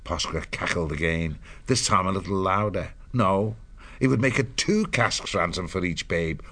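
A man narrating an animal adventure audiobook in a measured storytelling way. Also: low-pitched, pushed and bright.

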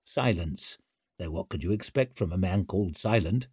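A man narrating an audiobook in a wry, expressive storytelling manner. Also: deep voice, moderate pace, breathy edge, no echo, clean studio sound.

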